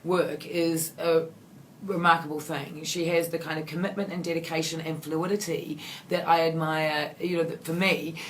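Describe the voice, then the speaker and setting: A lower-voiced woman chats through fan questions, rambling and gushing with plenty of ums and restarts. A faint hum of noise sits under her voice. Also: flat delivery, moderate pace. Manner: rambling, warm and effusive, many fillers and restarts. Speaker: actress answering fan questions. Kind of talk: casual Q&A.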